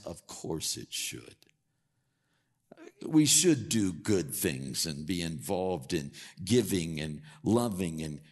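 Male pastor, gravelly voice, chatty animated sermon, long hall echo. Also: mid-range voice. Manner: animated, conversational preaching with rhetorical questions. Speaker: preacher.

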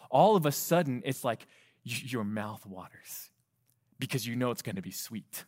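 A male pastor preaching a sermon, animated, asking the congregation rhetorical questions and acting out quoted voices. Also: mid-range voice, normal speed.

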